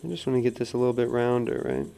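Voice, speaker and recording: A man giving a relaxed live pottery demonstration at the wheel, talking through each step on a wireless mic in his studio. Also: medium pitch, very fast, creaky. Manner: relaxed, talks while working at the wheel, reads chat aloud. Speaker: pottery teacher streaming a demo. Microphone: wireless transmitter mic.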